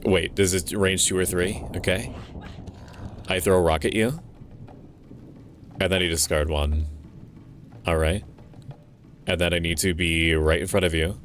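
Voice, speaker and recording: Very deep-voiced male streamer chatting. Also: steady tone, a little slow, pauses often, a little hiss or hum. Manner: chatty, swears, laughs, thinks aloud. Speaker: VTuber streamer. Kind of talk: casual gameplay commentary.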